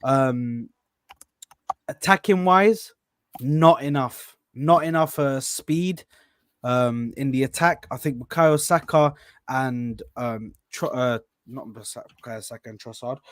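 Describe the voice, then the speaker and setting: A man's voice: mid-range voice, takes it slowly, no echo, clean studio sound. A man hosting a football reaction panel in casual, slangy chat. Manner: animated, slangy, says bro a lot. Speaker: channel host.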